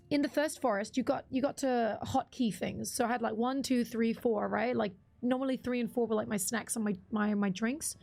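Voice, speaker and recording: A woman's voice: fairly high pitch, creaky, a little mellow. A woman streamer giving casual live gameplay commentary, chatty and greeting her chat with plenty of ums.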